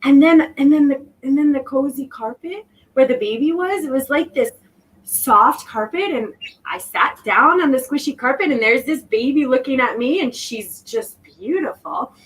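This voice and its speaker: High-voiced woman, reflective and halting. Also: animated. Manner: reflective, halting, restarts often. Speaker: guest. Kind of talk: personal story in an interview. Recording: voice distant from the mic.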